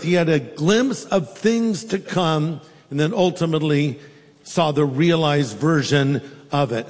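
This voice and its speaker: A man's voice: fairly high pitch, long reverb tail. A man preaching a sermon as a pastor, in a conversational, humorous storytelling way.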